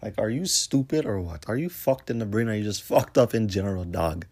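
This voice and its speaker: Young man, low voice, podcast host, blunt, profane, rambling, street slang. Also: expressive, fairly quick, a little mellow, a little hiss or hum. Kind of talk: casual podcast monologue.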